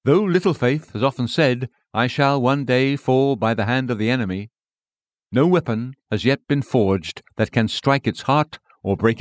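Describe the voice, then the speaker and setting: Man reading a sermon out loud, steady and solemn, mid pitch, no room sound. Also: no room sound, studio quality. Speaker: preacher.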